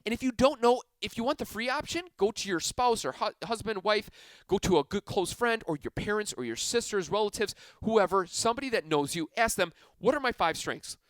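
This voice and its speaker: A man hosts a self-help podcast, speaking energetically, enthusiastically, and casually in a conversational way while stretching key phrases for emphasis. His voice is high-pitched and brisk, with no room sound.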